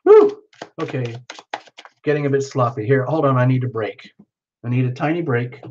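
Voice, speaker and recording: A man hosting a live tarot reading stream, chatting casually and greeting viewers by name, with excited whoops now and then. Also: mid-range voice, fairly quick. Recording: dull lo-fi stream audio.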